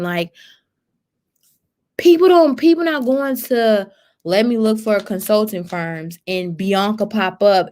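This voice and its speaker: A woman coaching on business marketing in a casual, emphatic way, often repeating words as she gets worked up. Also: mid-range voice. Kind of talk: casual business advice talk.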